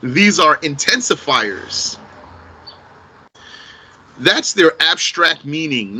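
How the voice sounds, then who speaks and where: Slow, bright-voiced male grammar teacher. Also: fairly high pitch, rough recording. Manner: explains slowly, repeats key phrases, quizzes the class with a countdown. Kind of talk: classroom grammar lesson.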